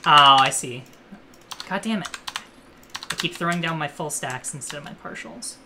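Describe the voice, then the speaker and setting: Low-voiced woman gaming, keyboard clacking. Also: normal speed, very noisy. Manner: swears freely, playful, joking. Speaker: streamer. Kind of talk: casual gaming chat. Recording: clear keyboard typing behind.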